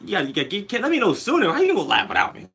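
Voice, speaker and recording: Animated, husky-voiced man talking fast. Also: high-pitched. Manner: animated, rambling, lots of fillers. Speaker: guest, host's cousin. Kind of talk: casual chat.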